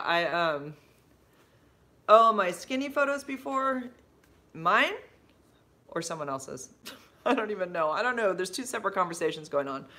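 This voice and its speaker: A woman's voice: low-pitched, pushed and bright. A middle-aged woman hosting a casual livestream, answering viewer comments in a rambling, chatty way with many fillers and restarts. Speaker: livestream host.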